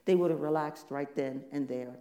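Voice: mid-range voice, normal speed, dark tone. A preacher giving a conversational sermon, full of rhetorical questions and playful asides. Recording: echoey room.

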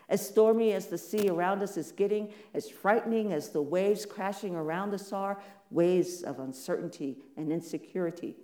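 A preacher talks through a sermon in a relaxed, conversational way, tossing out rhetorical questions and light, playful asides. The voice is warm and mellow, and it rings around an echoey room. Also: medium pitch.

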